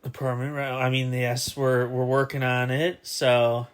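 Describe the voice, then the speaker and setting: A man from the United States in his thirties, co-hosting a podcast in easygoing, halting casual chat. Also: medium pitch, level tone, clear, resonant tone. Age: 30s. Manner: easygoing, halting, explains at length. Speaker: podcast co-host.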